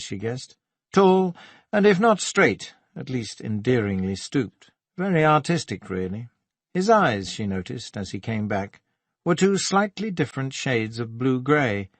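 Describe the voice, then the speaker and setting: Gravelly male audiobook narrator. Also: medium pitch, no room sound. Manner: measured, even-toned reading. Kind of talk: scripted narration.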